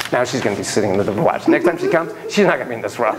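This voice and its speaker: A man's voice: mid-range voice, lively intonation, quick pace, crowd noise, poor audio. A man giving a classroom lecture on parenting, acting out quoted voices and digressing with laughter. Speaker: psychology lecturer.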